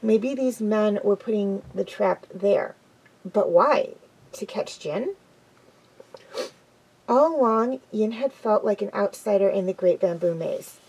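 Husky-voiced woman reading a storybook. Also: medium pitch, slow, a little mellow, rough recording. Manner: unpolished reading with stumbles and restarts. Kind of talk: reading a children's story aloud.

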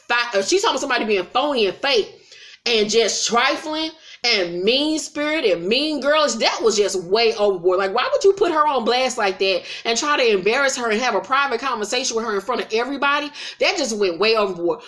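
A woman's voice: fairly high pitch, fairly bright tone. A woman recapping a reality show in a casual vlog, blunt and profane, retelling scenes with mocking quoted voices.

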